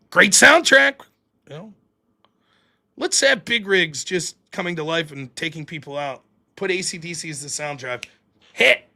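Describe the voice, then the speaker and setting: A man with a Pittsburgh accent, hosting a live stream and rambling casually with swearing. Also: a little high. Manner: rambling, profane, lively. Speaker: livestream host.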